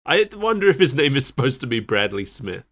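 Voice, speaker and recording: A man's voice: mid-range voice, sing-song, a little fast, a bit bright. A man co-hosting a casual podcast chat, laughing often as he rattles off cast trivia. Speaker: podcast co-host.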